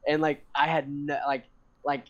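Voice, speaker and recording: A man's voice: fairly high pitch, moderate pace. Rambling young man telling a story. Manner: rambling, animated, profane, laughs often. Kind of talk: casual storytelling. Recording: dull lo-fi sound.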